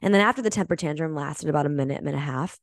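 A woman hosting a motivational energy-healing podcast, speaking earnestly and emphatically, swearing casually and slowing down to stress key words. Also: low voice, dry recording, studio quality. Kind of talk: motivational coaching monologue.

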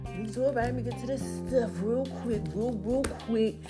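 A woman's voice: on the high side, fairly even intonation, a little fast, music in the background. A woman giving a playful, casual motivational talk to her viewers, laughing and acting out little voices. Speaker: vlogger.

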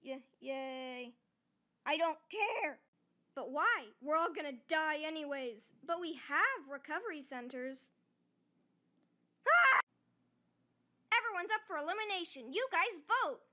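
Lady doing all the voices in a cartoon, super high and sharp, yelling then mumbling. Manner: quick switches between shrill shouts and flat mumbles. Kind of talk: voicing every character of an animated object show.

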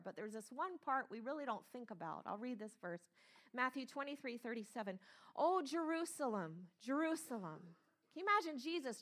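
A woman's voice: fairly high pitch, fairly bright tone. A woman preaching a sermon, emphatic and earnest, repeating key phrases and stretching words for weight. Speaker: pastor, speaker.

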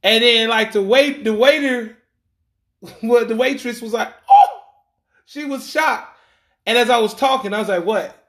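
A man talks in a loose, rambling monologue, full of slang and false starts. His voice sits high for a man. He slips into quoted voices to act out the people in his story. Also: moderate pace. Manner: rambling, animated, acts out quoted lines; frequent fillers and restarts, slangy.

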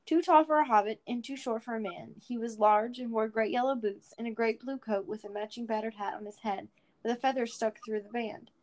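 Lady reading a fantasy story out loud, kinda high voice, expressive and unhurried. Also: poor audio. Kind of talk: storybook read-aloud narration.

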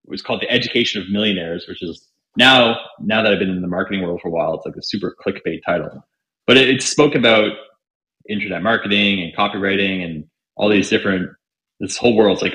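A young Canadian man guesting on a podcast tells stories casually in a low-pitched, fast, sharp voice. He's chatty, leans heavily on fillers, and acts out the quoted dialogue. The recording has a roomy echo.

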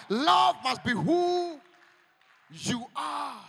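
A man's voice: very high voice, fairly quick, vocal fry. Fiery Ghanaian man preaching. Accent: Ghanaian English. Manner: fiery, shouting, repeats declarations. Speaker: pastor. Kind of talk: sermon. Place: church hall. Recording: long echoing hall.

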